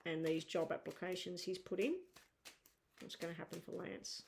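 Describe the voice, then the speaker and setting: A woman's voice: lowish voice, level tone, moderate pace, creaky, noisy background. A woman giving a live tarot reading, chatty and reassuring, thinking aloud as she turns the cards. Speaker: tarot reader.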